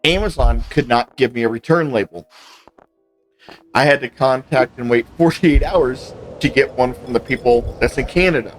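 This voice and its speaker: A man's voice: medium pitch, normal speed, soft background music. A man chatting casually while gaming, telling a long complaint story and acting out both sides of the conversations he quotes. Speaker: gaming channel host.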